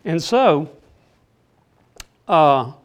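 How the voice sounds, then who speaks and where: An older man teaching an informal Bible class in an earnest, plainspoken, halting way. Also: a little high, expressive.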